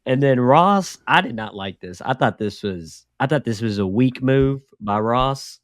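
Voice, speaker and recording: A man's voice: medium pitch, unhurried, no room sound, clean studio sound. Rambling young man in casual chat. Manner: rambling, animated, full of fillers and quoted asides. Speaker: podcast co-host.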